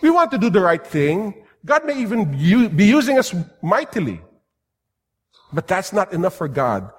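A man preaching a sermon in a lively, animated way, now and then acting out comic voices. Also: high voice, normal speed, breathy edge, in a large hall. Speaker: pastor.

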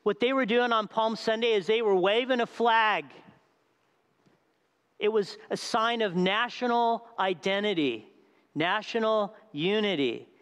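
A man preaching a sermon, animated, asking the crowd questions and acting out scenes. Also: high-pitched, unhurried, smooth. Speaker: pastor. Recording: long hall reverb.

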